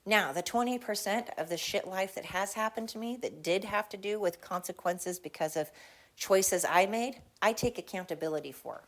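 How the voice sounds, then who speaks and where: A woman's voice: medium pitch, moderate pace. A woman hosting her own podcast, delivering a heated, blunt, profane solo rant with emphatic repetition. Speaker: podcast host.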